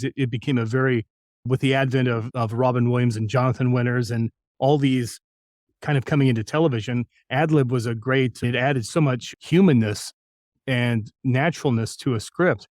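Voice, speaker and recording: A man's voice: medium pitch, a little mellow, no echo, studio quality. An older man from New Mexico, a voice actor telling career stories in an interview, anecdotal and self-deprecating. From New Mexico, United States. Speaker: voice actor guest. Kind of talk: storytelling interview.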